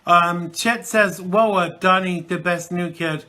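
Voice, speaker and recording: A man's voice: sits high, slow pace, sharp tone. A man hosting a live internet talk show from the UK, chatting and rambling with many fillers, recovering from a chesty cold. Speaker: host.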